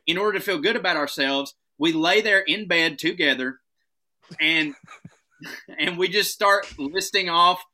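A man spins funny stories on a podcast in a very bright, ringing voice, pitched a bit higher than most men. He talks in an animated, profane way and laughs often as he tells them. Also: a little slow. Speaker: podcast guest. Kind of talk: casual comic storytelling.

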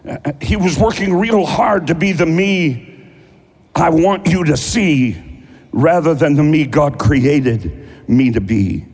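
A man's voice: a little high, darkish tone, big-room sound. A man preaching a sermon as a pastor, telling stories in a conversational way.

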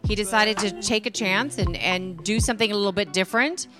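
A woman's voice: medium pitch, a little fast, music in the background. A female radio co-host in upbeat morning banter, reading out listener messages.

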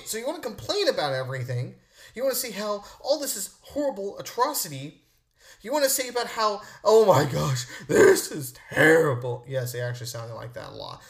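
A man's voice: fairly high pitch, fairly bright tone. A man hosting a podcast, ranting indignantly and mimicking others in mocking voices. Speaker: podcast host. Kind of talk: opinion rant monologue.

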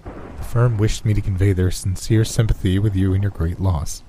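A man playing an uneasy company messenger who speaks low, hesitant and formal. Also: fairly even intonation, moderate pace, mellow, slight background noise, lightly acted.

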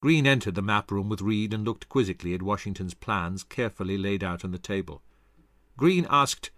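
A man reading a scripted history narration in a dramatic, expressive way into a close studio mic. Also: fairly low pitch, normal speed, dry recording.

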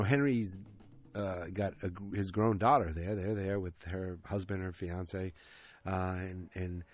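Low, husky-voiced man recapping a show casually, opinionated and prone to tangents. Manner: ranting, swears, goes off on tangents. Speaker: TV episode recapper.

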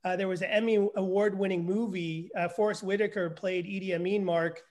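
A man in his fifties from Canada, a forensic psychologist telling his story as a guest in a casual interview, self-deprecating and animated. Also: sits high, brisk.

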